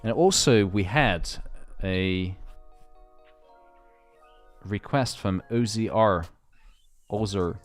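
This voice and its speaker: Low-voiced male trading stream host. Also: extremely slow, pauses often, faint music behind. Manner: joking, laid-back banter. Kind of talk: casual live-stream chat.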